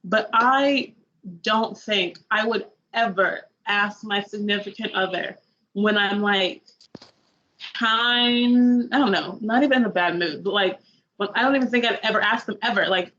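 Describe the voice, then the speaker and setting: A woman's voice: mid-range voice, a little slow, pushed and bright, dull audio. A young woman on a review panel, chatting casually about a movie, rambling with lots of "like" fillers and acting out her own reactions. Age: young adult.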